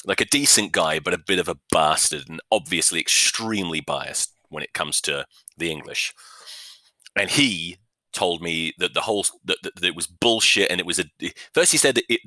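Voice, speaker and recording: A low-pitched man hosts a rugby podcast in a rambling comic rant. His voice is bright and forceful, recorded dry and close on a podcast mic. He swears freely, mocks himself and keeps restarting his sentences. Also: no room sound. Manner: profane, joking, self-mocking, many restarts. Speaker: podcast host. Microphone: new podcast microphone.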